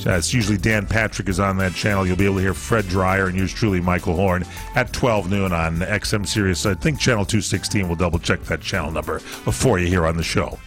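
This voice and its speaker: A man's voice: low voice, a little fast, few pauses, fairly bright tone, faint music behind. A man co-hosting a sports talk radio show, rambling with lots of fillers as he reads through a list of stories.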